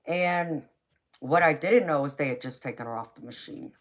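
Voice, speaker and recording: A woman's voice: sits low, normal speed. A woman hosting a tarot livestream, telling a personal story in an earnest, emotional way, often stumbling over repeated starts. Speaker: tarot reader hosting a live stream.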